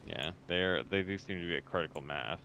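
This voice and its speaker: A man's voice: deep voice, fairly quick, pushed and bright, dull audio, a little hiss or hum. A man chatting casually while playing a video game, explaining things patiently and matter-of-factly. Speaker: co-player.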